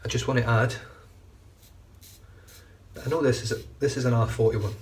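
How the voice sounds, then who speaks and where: A man's voice: mid-range voice, steady tone, normal speed. A man chatting casually and rambling while he shaves his head, often restarting his sentences. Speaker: shaving vlogger. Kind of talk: casual running commentary while shaving. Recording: distant mic with faint background noise.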